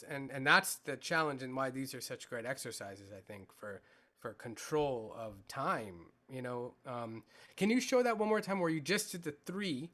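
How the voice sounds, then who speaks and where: A man's voice: on the high side, sharp tone. A man co-hosting a rhythm workshop, explaining ideas and asking the teacher to demonstrate. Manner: explains and asks questions. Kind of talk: casual discussion.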